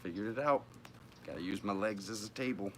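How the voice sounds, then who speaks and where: A man's voice: lowish voice, fairly quick, fairly bright tone, slight background noise. A man hosting a live-streamed tarot reading, chatting playfully and joking with his viewers as he works through the cards.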